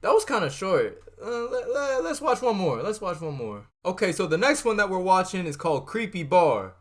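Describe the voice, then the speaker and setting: A man hosting a reaction video, chatting casually in slangy, joking, animated remarks. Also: high-pitched, normal speed.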